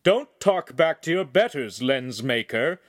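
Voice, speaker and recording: A man playing a haughty young nobleman, raised pitch. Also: big pitch swings, moderate pace. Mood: angry commanding. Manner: imperious, raises his voice. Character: arrogant young male noble, haughty and threatening.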